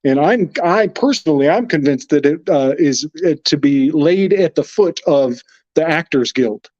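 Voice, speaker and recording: Higher-voiced man on a dull, dry call line. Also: expressive, moderate pace, a little mellow, no echo. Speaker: podcast guest. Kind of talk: casual podcast chat.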